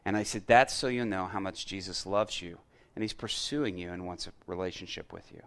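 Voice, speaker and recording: A middle-aged male pastor telling a story in a sermon, acting out the dialogue and getting loud at the punchlines. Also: low voice, fairly even intonation, fairly quick. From Chicago area.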